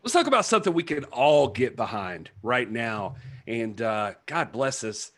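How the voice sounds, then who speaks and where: Animated male wrestling-show host. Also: medium pitch, moderate pace. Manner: animated, laughs often, repeats words. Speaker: podcast host. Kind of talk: casual chat.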